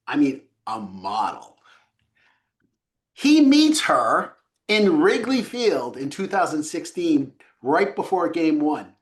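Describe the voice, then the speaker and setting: A man co-hosting a casual trading podcast, telling stories with lively asides. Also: on the high side. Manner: animated storyteller, lively asides. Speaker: co-host of trading show.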